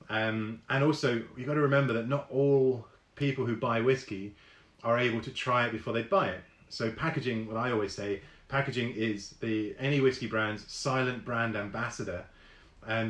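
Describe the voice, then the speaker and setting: A man's voice: on the low side, a bit bright, echoey room. A man hosting a live online whisky tasting, chatting casually with many ums and reading viewer comments aloud.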